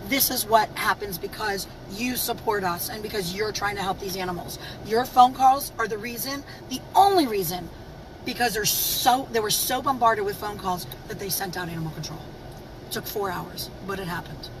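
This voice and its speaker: A woman's voice: mid-range voice, normal speed, noisy background. A woman animal rescue activist earnestly thanking supporters in a live video.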